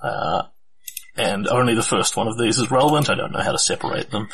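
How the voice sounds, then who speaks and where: A man running a tabletop game as game master, calmly narrating events and adding up dice rolls. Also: on the low side, husky, poor audio. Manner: calm, measured narration with dice tallies.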